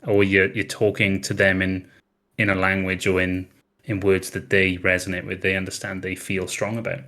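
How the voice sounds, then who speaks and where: A man's voice: low voice, completely flat delivery, normal speed, pushed and bright. A man who is a guest on a panel, speaking in a confident, lecturing, emphatic way. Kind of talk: casual panel chat.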